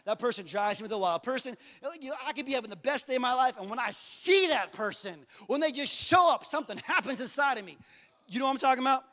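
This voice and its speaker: A man preaching a passionate sermon as pastor, repeating phrases and building to shouts. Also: very high voice, expressive, quick pace, in a large hall. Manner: passionate, repetitive, rising to shouts.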